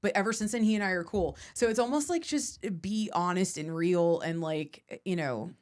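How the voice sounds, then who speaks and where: Woman stand-up comic from Florida, low-ish voice, rapid rambling chat that breaks into laughter. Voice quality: fast, rambling storytelling with frequent laughter. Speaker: stand-up comedian, podcast guest. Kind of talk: casual podcast chat.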